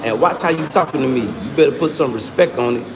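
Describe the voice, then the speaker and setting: A man's voice: mid-range voice, animated, fast talker, noisy background. A man with hosting a livestream, taunting and arguing with users in his chat in a casual, combative way. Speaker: livestream host.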